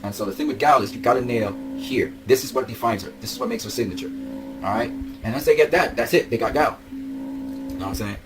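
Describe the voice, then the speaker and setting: A man's voice: mid-range voice, a little fast, over music, poor audio. A young man gushing over collectible figures in a vlog, laughing and repeating himself as he talks. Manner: gushing, breaks into laughs and shouts. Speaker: vlogger. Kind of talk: excited toy-collector commentary.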